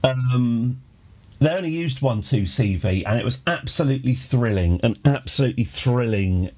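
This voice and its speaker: A man's voice: mid-range voice, animated, normal speed, darkish tone. A man chatting casually on a live stream, rambling and wry, with many restarts. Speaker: game streamer.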